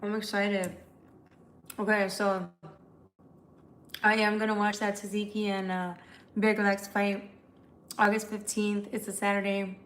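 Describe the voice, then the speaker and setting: A woman's voice: medium pitch, flat delivery, a little slow, long pauses, a bit bright, a little hiss or hum. Chatty, profane woman live-streaming. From United States. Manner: loose, profane, chatty, reads comments aloud. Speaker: tarot reader live-streaming to viewers. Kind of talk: casual live-stream chat.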